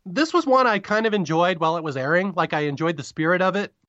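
A man co-hosting a podcast, chatting casually and quickly about a comedy episode, often correcting himself mid-sentence. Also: sits high, expressive, fairly bright tone, no echo, dull audio. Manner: rapid, chatty, self-correcting. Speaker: podcast co-host. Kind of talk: casual review chat.

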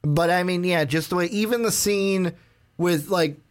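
Rambling man with a slightly high voice. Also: moderate pace. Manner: rambling, peppered with "like"; acts out scenes while retelling them. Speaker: podcast co-host. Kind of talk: casual movie review chat.

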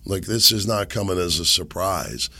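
A man hosting a podcast while sick and losing his voice. He rambles and makes sarcastic, muttered asides into a desk boom mic. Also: lively intonation, normal speed, sharp tone, husky. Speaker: podcast host. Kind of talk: casual commentary monologue. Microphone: boom microphone on a desk.

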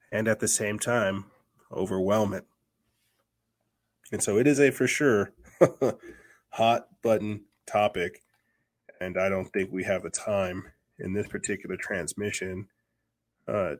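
A man from the United States hosting a podcast, rambling through casual political commentary with many fillers and repeated words. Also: lowish voice. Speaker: podcast host.

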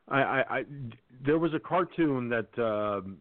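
Over a phone line, a man with a mid-range voice hosts a call-in radio talk show, chatting casually. He tells stories and keeps slipping into cheesy impressions. The recording is dry.

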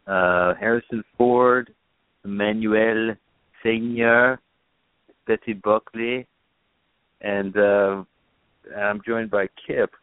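A man's voice: fairly low pitch, steady tone, slow, clean tone, dry recording. A man hosting a casual movie review podcast, talking hesitantly with many fillers. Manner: hesitant, lots of uh and um. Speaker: podcast host. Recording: dry phone-like sound.

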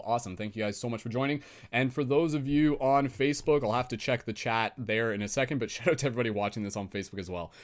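A young man hosting a live stream, leading a slow guided visualization and then chatting casually, laughing at himself. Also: medium pitch. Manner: laid-back, laughs at himself, drawn-out slow phrasing in guided parts. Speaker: host.

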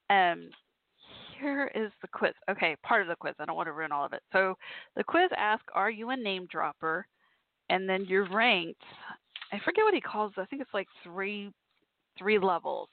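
A woman's voice: mid-range voice, no room sound. A woman hosting a call-in podcast in a casual, rambling, bubbly way, laughing often. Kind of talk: casual chatty call-in show. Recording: tinny phone-like line.

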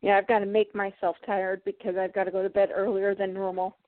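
Co-hosting a toy collecting show, a woman with a medium-pitched, level voice talks a little fast in an easygoing chat, repeating words as she hunts for them. The recording is dry, with narrow, phone-like audio.

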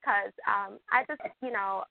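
An excited woman from Michigan calls in and rambles, stumbling into restart after restart. Her voice comes through a dry, tinny phone line with no room sound. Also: mid-range voice, measured pace, vocal fry, no echo. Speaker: caller. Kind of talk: emotional call-in chat.

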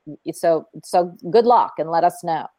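A woman hosting a casual call-in radio show, effusive and quick to laugh. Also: on the low side, warm tone, no echo.

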